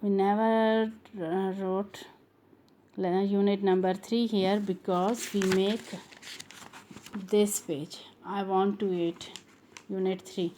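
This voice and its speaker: A woman's voice: medium pitch, level tone, slow pace, pauses often, dark tone, a little hiss or hum. A woman teaching a phonics lesson to young pupils, repeating each sound and word over and over.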